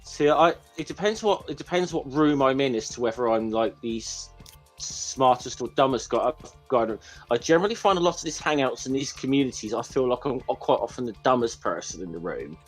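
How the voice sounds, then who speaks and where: A man's voice: medium pitch, animated, brisk, husky, faint music behind, low-quality recording. A man with an English working-class accent, a guest on a casual video-call hangout, rambling and self-deprecating and swearing freely. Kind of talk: casual online chat.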